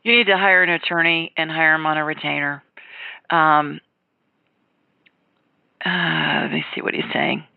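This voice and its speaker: A woman with a low, gravelly voice hosts a call-in psychic radio show. She talks confidently and with emphasis. The sound is narrow and tinny, like a phone line. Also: fairly even intonation, measured pace, pauses often, no echo.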